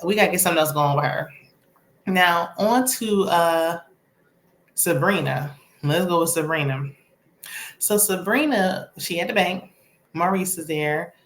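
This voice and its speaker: A woman's voice: on the low side, a little slow, pauses often, echoey room. A woman casually recapping a TV episode in a chatty, sassy, opinionated way. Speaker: TV recap vlogger.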